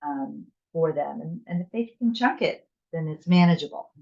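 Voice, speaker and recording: Woman, teacher, low voice, casual, chatty, whispered asides, slightly muffled. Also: expressive, moderate pace, creaky, dark tone. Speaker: first grade teacher. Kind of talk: parent workshop presentation. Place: school room with parents.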